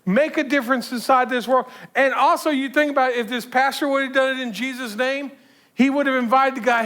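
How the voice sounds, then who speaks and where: High-voiced man preaching conversationally. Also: steady tone, fairly quick, fairly bright tone. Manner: conversational storytelling, acts out quoted voices; frequent repeated words and restarts. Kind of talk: sermon.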